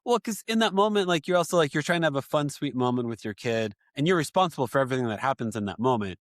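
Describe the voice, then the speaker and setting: A man's voice: medium pitch, lively intonation, fast, no echo, studio quality. A man hosting a podcast about fatherhood, talking reflectively and acting out little quoted moments with his kids. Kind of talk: casual podcast conversation.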